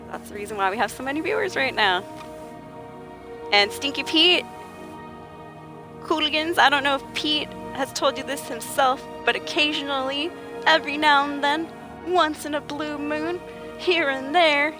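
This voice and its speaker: A woman game streamer chatting casually with her viewers, greeting them by name and laughing often. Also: on the high side. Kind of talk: casual livestream chat. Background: game music.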